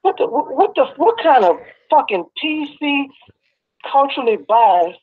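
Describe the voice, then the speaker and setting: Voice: sits high, very animated, a little slow, phone-quality sound. A co-host in a casual call-in chat, grilling the caller with skeptical questions.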